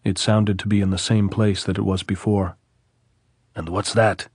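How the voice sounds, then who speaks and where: A man narrating a classic novel as an audiobook, in a steady, measured reading. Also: on the low side, husky, no echo, studio quality.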